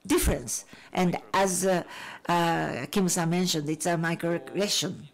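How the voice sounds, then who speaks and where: A woman's voice: fairly low pitch, steady tone. A woman working as an interpreter at a film panel, putting audience questions and panel answers into English phrase by phrase. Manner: halting, phrase-by-phrase delivery.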